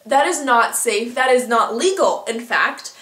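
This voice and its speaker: Teenage girl, vlogger, high voice, chatty and animated, lots of fillers, echoey room. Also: unhurried. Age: teens. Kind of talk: casual storytelling.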